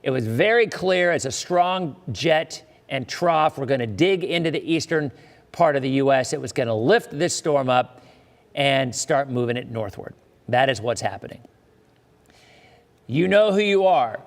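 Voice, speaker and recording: A man's voice: on the high side, lively intonation, measured pace, long reverb tail. A man hosting a live weather forecast, talking in a chatty way with joking asides to his viewers.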